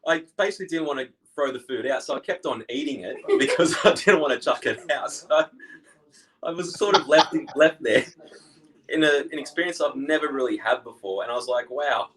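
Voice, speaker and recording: A man's voice: medium pitch, fairly quick, fairly bright tone, poor audio. A young man with an Australian accent, a guest in casual chat, rambling through his stories and laughing along.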